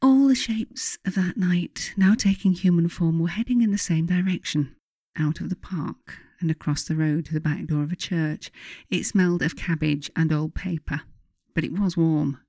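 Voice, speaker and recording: Warm-voiced woman reading her memoir. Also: on the low side, no room sound, studio quality. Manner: measured, reflective storytelling. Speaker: author reading her own book. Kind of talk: memoir audiobook narration.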